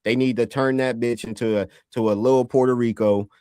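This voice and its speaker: A man's voice: mid-range voice, fairly even intonation, brisk, dark tone, smooth, no echo, studio quality. A man from the United States in casual podcast chat, talking emphatically with lots of swearing and stumbling over repeated words. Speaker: podcast co-host.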